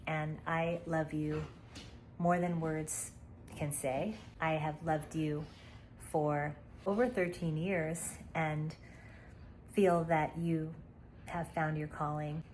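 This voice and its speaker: A woman's voice: low voice, flat delivery, slow pace, darkish tone, slight background noise. A woman giving an earnest, stately birthday tribute to a friend she has loved for years.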